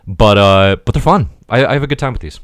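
A man's voice: lowish voice, fast talker, no room sound, clean studio sound. A man co-hosting a podcast, thinking aloud in easygoing casual chat. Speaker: podcast co-host.

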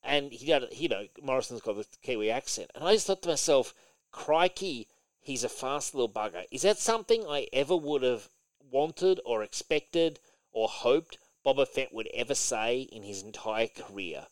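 A man's voice: mid-range voice, lively intonation, normal speed, no room sound, rough recording. A man co-hosting a podcast in casual chat, opinionated and swearing now and then. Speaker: podcast co-host.

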